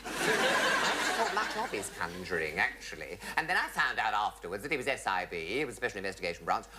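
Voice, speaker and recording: A man's voice: on the low side, huge pitch swings, a little fast, very noisy. A man telling comic stage anecdotes to a studio audience, theatrical, switching into swooping voices for the people he quotes. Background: audience laughter.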